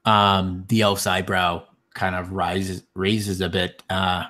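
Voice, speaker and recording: Halting low-voiced man running a tabletop game. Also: level tone, sharp tone. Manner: halting, many ums and restarts. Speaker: game master.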